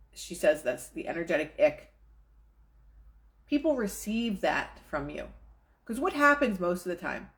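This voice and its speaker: A woman with a slightly low voice reads passages aloud from a self-help book. She keeps stopping to talk them over in a loose, chatty way and acts out little quoted thoughts along the way. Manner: casual, conversational asides with quoted inner voices. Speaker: manifestation coach. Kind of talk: reading a book aloud and commenting.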